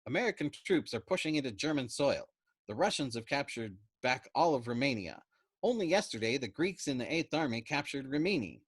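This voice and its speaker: A man's voice: medium pitch, sing-song, brisk, breathy edge, voice pushed up. A man voicing a whiny, self-pitying army doctor who wails mournfully. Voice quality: wailing, mournful.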